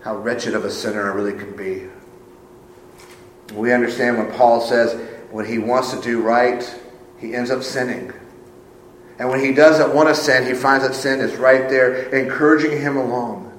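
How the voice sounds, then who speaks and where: A man's voice: steady tone, normal speed, a little hiss or hum. Man preaching a sermon in an echoey church. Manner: swings from hushed low phrases to raised emphatic ones. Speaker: pastor. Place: church sanctuary.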